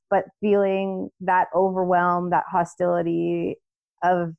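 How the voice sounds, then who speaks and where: A woman in her thirties telling a personal story in casual chat, animated, acting out what people said. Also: medium pitch, a little slow, gravelly, dry recording, muffled recording. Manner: animated storytelling, acts out quoted voices, laughs. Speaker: podcast co-host.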